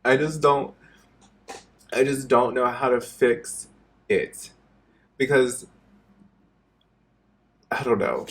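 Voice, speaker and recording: Gravelly, husky man confessing on camera. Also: mid-range voice, fairly bright tone. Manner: halting and repetitive, swearing often. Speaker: vlogger. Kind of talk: emotional personal confession to camera.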